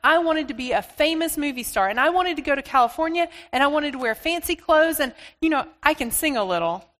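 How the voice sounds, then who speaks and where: A woman's voice: high voice, animated, a bit bright, pitched above the performer's own voice. A woman playing a flustered middle-aged mother who stammers and halts as she searches for words. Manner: stammering, halting, rushed.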